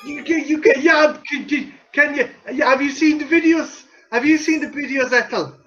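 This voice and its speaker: Male stream host, very high voice, bright tone, rambly and laughing, lo-fi sound. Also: normal speed. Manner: rambling, swearing, laughing often. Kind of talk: casual chat on a livestream.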